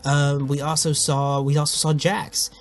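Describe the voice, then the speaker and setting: A man's voice: fairly high pitch, flat delivery, a little slow, a little hiss or hum. A man hosting a casual video commentary who rambles, swears freely and often cuts himself off mid-thought. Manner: rambling, profane, self-interrupting. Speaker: host.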